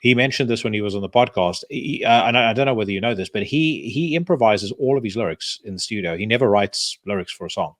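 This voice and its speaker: A man's voice: lowish voice, animated, fast talker, hardly any pauses, dry recording, clean studio sound. A man hosting a podcast interview, chatting casually and at length, with frequent restarts and swearing. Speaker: podcast host.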